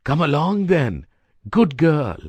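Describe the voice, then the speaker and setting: A woman's voice: sits low, sing-song, slow pace, a little mellow, slightly rough, dry recording, heavily acted. A woman reading a storybook, voicing a nervous, fussy young man who talks in an irritable, shaky way. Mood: trembling.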